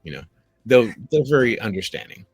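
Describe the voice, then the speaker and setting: A man speaking as a guest on a video call, animated and storytelling, acting out the people he quotes. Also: on the low side, a little fast, no echo, soft background music. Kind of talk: conversational storytelling.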